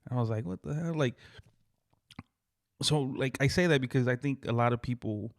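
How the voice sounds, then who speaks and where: A man's voice: medium pitch, moderate pace, no echo, studio quality. A young adult man co-hosting a podcast, rambling in casual chat, filling his talk with "like" and swearing freely. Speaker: podcast co-host.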